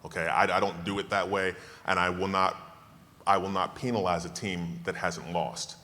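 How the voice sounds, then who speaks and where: A man in his fifties from Tallahassee gives a keynote at a dinner, fielding questions in an emphatic, self-assured way with jokes. His voice sits low but comes across bright and forceful. The sound carries the long reverb of a banquet hall. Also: steady tone, moderate pace. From Tallahassee, Florida. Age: 50s. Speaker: keynote speaker. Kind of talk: relaxed Q&A talk to a dinner audience.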